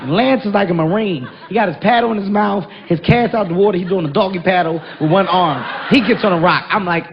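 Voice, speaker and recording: High-voiced, animated male stand-up comic. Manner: animated, loud punchy delivery with frequent laughter and shouted punchlines. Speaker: stand-up comedian. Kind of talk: stand-up comedy storytelling. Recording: dull, noisy live stage recording.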